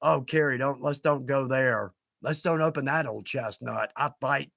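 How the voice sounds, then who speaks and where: A man's voice: medium pitch, moderate pace, creaky, a bit bright, dry recording, clean studio sound. A man hosting a casual livestream, reading out viewer comments in a chatty, self-deprecating way and laughing often.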